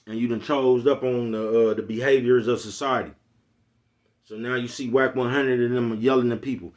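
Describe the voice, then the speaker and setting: A man's voice: mid-range voice, fairly even intonation, brisk. A man from East Oakland with a Bay Area accent, ranting bluntly in a casual monologue full of profanity and repeated check-ins with his listeners. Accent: Bay Area Black American English. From East Oakland, California. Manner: blunt, profane street talk, repeats "you know what I'm talking about". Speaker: vlogger.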